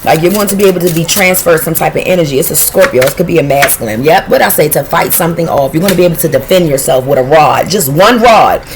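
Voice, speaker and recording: A woman giving a casual intuitive tarot reading, blunt and profane, talking in a streetwise, animated way. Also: sits low, fast, few pauses, noisy background. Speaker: tarot reader.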